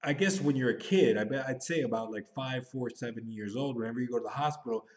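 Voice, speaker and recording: A man in his thirties gives an off-the-cuff movie review at an ordinary middle pitch, rambling, hurried, and thinking aloud as he rushes to fit it all in. It's a casual spoken review, recorded at home with a dull, lo-fi sound.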